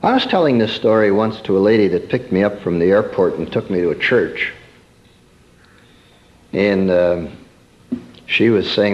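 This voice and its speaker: A man preaching a sermon in a storytelling way, swinging from emphatic peaks to soft, quiet asides. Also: fairly low pitch, lively intonation, normal speed, long pauses, muffled recording.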